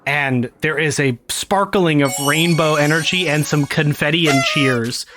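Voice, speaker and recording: Giggly high-voiced man running a tabletop game. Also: measured pace, over loud music. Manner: laughs often, many fillers. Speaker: game master.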